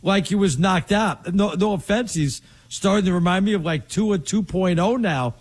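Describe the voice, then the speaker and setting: Man, co-host, casual sports chat, husky, slightly high voice, emphatic, rambling. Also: moderate pace. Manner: rambling, restarts often, emphatic opinions. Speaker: podcast co-host.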